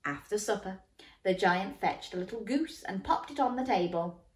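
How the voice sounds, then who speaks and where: Lady reading a bedtime story to kids, bouncy pitch, bit far off the mic. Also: moderate pace. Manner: animated, inviting kids to join in. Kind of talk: children's read-aloud. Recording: roomy, slightly distant mic.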